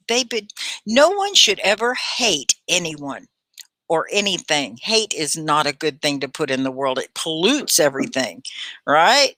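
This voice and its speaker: A woman hosting a live online English class, chatting warmly and encouragingly with her students. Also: medium pitch, lively intonation, unhurried, dry recording. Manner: warm, encouraging, chatty with viewers. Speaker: ESL teacher hosting a livestream class.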